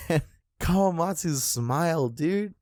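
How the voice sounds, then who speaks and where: Animated, profane man on a podcast. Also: a little high, takes it slowly, no echo, clean studio sound. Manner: profane, animated retelling of a comic. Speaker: podcast co-host. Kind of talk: casual chat.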